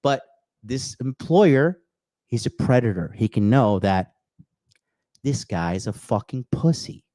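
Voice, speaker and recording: In a clean, echo-free studio recording, a man with a lowish, mellow, expressive voice talks unhurriedly as he hosts a podcast. He rants profanely and motivationally, replies to chat, swears often, and hammers his points in emphatic bursts, repeating key phrases and tacking on "okay?" again and again.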